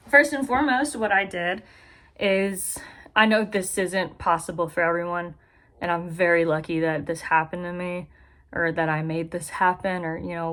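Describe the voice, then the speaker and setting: A woman's voice: on the low side, fairly bright tone. A young woman in her bedroom giving a casual life update to her camera, chatty, giggly and self-deprecating. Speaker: vlogger. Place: bedroom being moved into. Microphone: camera in front of her.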